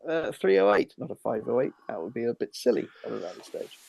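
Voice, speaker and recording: A man's voice: mid-range voice, expressive, quick pace, creaky, darkish tone, breathy edge. A man co-hosting a casual podcast, reading out race results in a dry, understated way. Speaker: podcast co-host. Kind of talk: casual chat.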